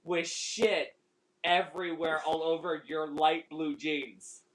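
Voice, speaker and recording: A man's voice: on the high side, little pitch movement, takes it slowly, a bit bright, poor audio. Laughing, swearing man telling a story. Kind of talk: casual chat.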